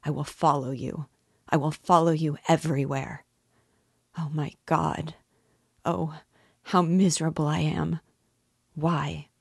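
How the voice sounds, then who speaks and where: A woman's voice: low voice, flat delivery, takes it slowly, vocal fry, pauses often, slightly rough, no echo, clean studio sound, exaggerated voice. A woman reading aloud and voicing a desperate, tender young woman who pleads and cries out. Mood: anguished pleading. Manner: pleading, tearful, rising to cries.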